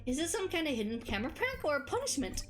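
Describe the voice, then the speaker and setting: A woman's voice: sits high, very animated, quick pace, soft background music, pitched above the performer's own voice. A woman voicing a haughty, snobbish rich woman who is a food critic, speaking imperiously. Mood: indignant. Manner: imperious, demanding.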